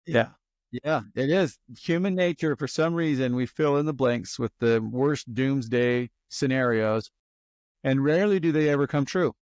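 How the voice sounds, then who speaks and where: Male podcast guest, expressive storyteller, mid-range voice, close dry mic. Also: medium pitch, moderate pace, no room sound. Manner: animated storyteller who acts out worried inner monologues. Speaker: guest, resilience expert and author. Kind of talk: conversational podcast interview.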